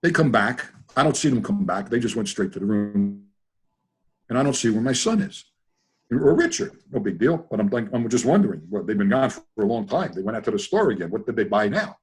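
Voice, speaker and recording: An older man telling rambling stories in a casual, animated way over a video call. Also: fairly low pitch, fairly quick, slightly rough. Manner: animated, rambling, repeats himself. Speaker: guest trainer. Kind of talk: casual storytelling.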